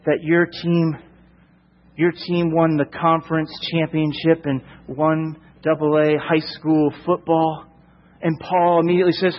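A man's voice: a little high, big-room sound, highs cut off. A male preacher delivering a sermon emphatically, with repeated rhetorical questions.

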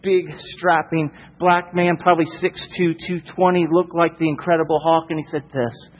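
A man's voice: a little high, level tone, normal speed, long reverb tail, highs cut off. A male preacher delivering a sermon emphatically, with repeated rhetorical questions.

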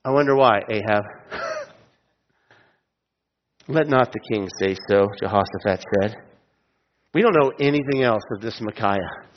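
A man's voice: lowish voice, unhurried, long pauses, a little hiss or hum. A middle-aged man preaching a sermon, telling stories and asking the listeners direct questions. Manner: storytelling, asks listeners direct questions, chuckles at own jokes. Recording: dull sound with long hall reverb.

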